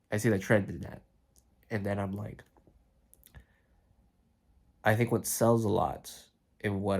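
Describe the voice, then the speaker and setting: Deep, creaky and a little mellow, this young man's congested, throaty voice drifts through a reflective vlog recorded on a phone. He meanders aloud with plenty of fillers, lying on his side at first and standing later on.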